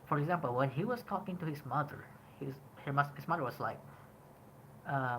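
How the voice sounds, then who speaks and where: A young man from Indonesia with an Indonesian accent, talking casually about a game in a rambling way, often pausing on "um" and "like". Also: on the high side, a little hiss or hum, poor audio. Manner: rambling, frequent "like" and "um", animated emphasis. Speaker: podcast host. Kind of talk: casual game review talk.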